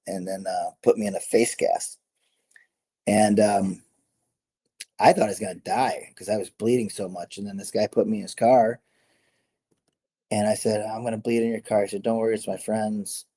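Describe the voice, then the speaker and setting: Here the guest is a middle-aged ex-MMA fighter spinning stories in a relaxed interview, wandering off track, fixing his own words and often breaking into laughter. He has a fairly low, dark-toned voice with some breathiness.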